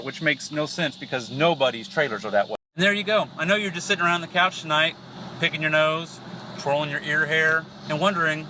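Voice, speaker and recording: A man's voice: fairly high pitch, pushed and bright, a little hiss or hum, rough recording. A man talking casually to viewers in a travel vlog, crude and joking, filmed while driving. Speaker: vlogger. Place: driving a vehicle outdoors.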